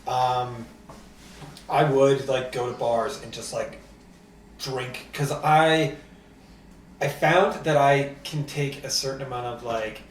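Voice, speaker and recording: A man's voice: medium pitch, steady tone, takes it slowly, pauses often. A young man, a comedian co-hosting a podcast, rambling through a story with lots of filler words. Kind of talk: casual storytelling. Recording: roomy sound, distant from mic, faint room noise.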